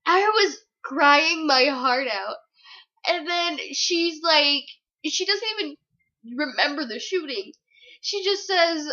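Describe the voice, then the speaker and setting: A woman's voice: high voice, lively intonation, takes it slowly, pushed and bright, muffled recording. A young woman giving a casual book review vlog, gushing, giggly and rambling.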